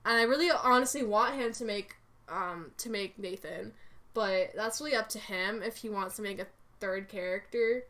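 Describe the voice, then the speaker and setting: Chatting casually as a podcast co-host, a young woman talks about her role-play characters, giggly, meandering and full of fillers. Her mid-range voice is bright and forceful, delivered at a normal speed.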